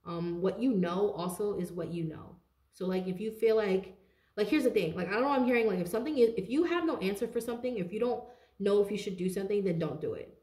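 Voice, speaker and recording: A woman giving a casual tarot reading straight to her viewers, chatty and animated, laughing often and talking to them as "you guys". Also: medium pitch, fast, reverberant. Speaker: tarot reader.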